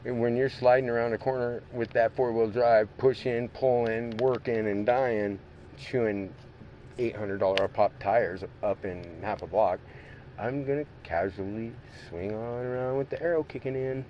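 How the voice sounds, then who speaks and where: A man streaming a racing game talks in a loose, rambling way, swearing freely and breaking into laughter. His voice sits at an ordinary middle pitch. A faint hum runs underneath. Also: normal speed, muffled recording. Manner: rambling, heavily profane, laughs often. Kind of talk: casual gaming stream chat.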